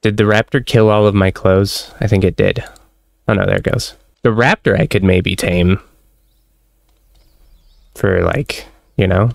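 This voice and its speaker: A man giving excitable let's-play commentary, laughing often and chatting to his in-game pet as he plays at home on a close desk mic. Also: deep voice, gravelly, no echo. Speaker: gaming channel host.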